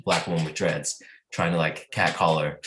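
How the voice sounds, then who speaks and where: A man from the American South, a touring band musician, telling tour stories in a casual, animated way, laughing often and saying "like" a lot over a video call. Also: extremely low pitch, moderate pace. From Southern United States. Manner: animated storyteller who laughs often and uses many "like" fillers. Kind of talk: casual interview chat. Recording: echoey room.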